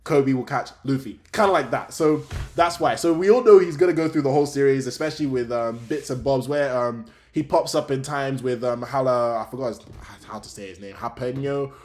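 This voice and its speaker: A young adult man, chatting casually and excitably as host of a fan review talk show, often laughing. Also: mid-range voice, a little fast, few pauses.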